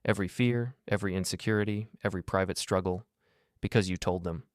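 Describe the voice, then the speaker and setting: A man's voice: low-pitched, fairly even intonation, fast talker, no echo, clean studio sound, lightly acted. A man voicing a heartbroken, tearfully angry mother. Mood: raw anger. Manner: raw, tearful anger.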